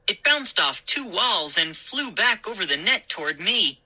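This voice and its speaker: A woman reading a scary children's story aloud as the show's storyteller, in a measured, expressive way. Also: medium pitch, rough recording.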